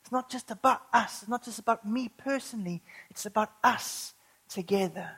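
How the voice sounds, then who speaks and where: A woman preaching a sermon, earnest, building to urgent emphasis and slowing down when reading scripture. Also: fairly high pitch, a bit bright, breathy edge, rough recording.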